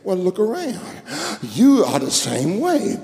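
A man preaching a sermon as bishop, calling to the congregation and rising into sung shouts. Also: high voice, wildly swooping pitch, measured pace, creaky. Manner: call-and-response preaching, building to sung shouts. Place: church sanctuary. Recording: echoey church hall with music.

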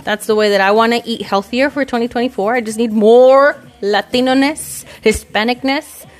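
A woman's voice: a little high, moderate pace. A woman talking to camera in a casual, rambling vlog monologue, candid and profane, reflecting on herself. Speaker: vlogger. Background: faint music.

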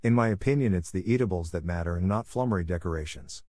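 A man's voice: sits low, fast, a little mellow, no echo, close to an everyday voice. A man reading aloud and voicing a stern, dry older woman guardian who speaks curtly and sniffs at nonsense. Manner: curt and sniffing.

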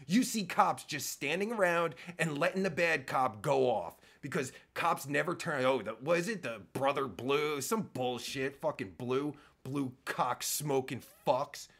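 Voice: medium pitch, fairly bright tone, slightly rough. A reaction-video host giving angry, profane commentary, ranting and swearing constantly.

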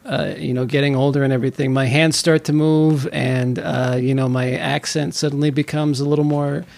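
A man's voice: a little high, little pitch movement, moderate pace, gravelly, a little mellow. A man in his thirties from California, rambling as a podcast co-host with many restarts. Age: 30s. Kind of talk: casual podcast chat.

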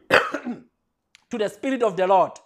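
A preacher delivering a sermon, repeating refrains and swinging from quiet lines to shouted peaks. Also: mid-range voice, expressive, slow.

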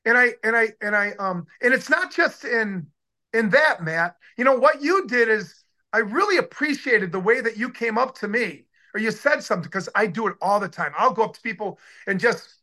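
A man in his sixties, a former football player, telling stories in a casual interview with excited, rambling talk and many restarts. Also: high voice, moderate pace.

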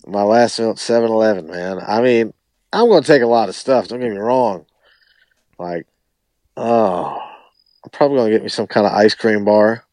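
A man, a musician guest on a podcast, chatting casually in a relaxed, rambling way with lots of hedging. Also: lowish voice, moderate pace, no room sound. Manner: relaxed, rambling, hedges a lot. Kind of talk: casual chat.

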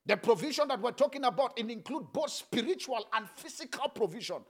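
A man's voice: very high voice, lively intonation, fairly quick, breathy edge. A middle-aged male pastor preaching fervently, chanting prayers and praying in tongues. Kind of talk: sermon with prayer.

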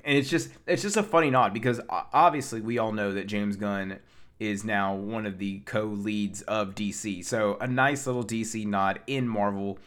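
Lowish-voiced man recapping a film. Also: normal speed, fairly bright tone. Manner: rambling, many fillers and restarts. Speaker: pop culture reviewer.

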